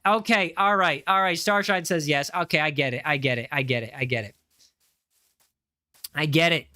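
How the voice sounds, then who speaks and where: Bright, high-voiced playful male streamer. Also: normal speed, pauses often, clean tone, no echo, clean studio sound. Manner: playful, jokey, chatting with viewers. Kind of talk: live gameplay commentary.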